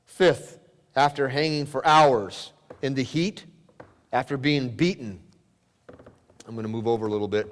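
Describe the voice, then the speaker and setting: A male pastor preaching a sermon, swinging from loud exclamations down to hushed, near-whispered lines. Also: mid-range voice, a little slow, pauses often. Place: church sanctuary. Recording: long church hall reverb.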